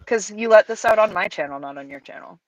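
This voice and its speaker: A woman's voice: medium pitch, expressive, fast talker, no room sound, muffled recording. A woman hosting a casual chat over a video call, playful and teasing, laughing easily. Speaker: host.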